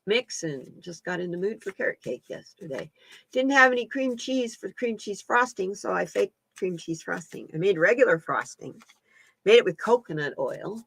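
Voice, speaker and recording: Woman, folksy live-stream host, lively swooping pitch, bright tone, dry close sound. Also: no room sound. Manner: chatty, folksy, laughs often. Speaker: host and card reader. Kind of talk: casual live-stream chat.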